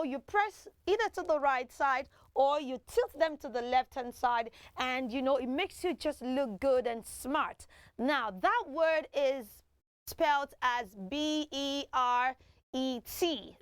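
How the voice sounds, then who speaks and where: A woman hosting a children's TV show, teaching in an animated way and having kids repeat words after her. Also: high voice, dry recording. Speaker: children's TV host.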